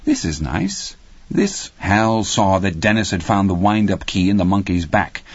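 Deep-voiced male audiobook narrator. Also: no room sound. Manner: measured, steady reading. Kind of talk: scripted narration. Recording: dry, slightly muffled studio recording.

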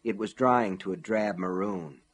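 A man narrating an audiobook in a measured, steady storytelling voice. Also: fairly low pitch.

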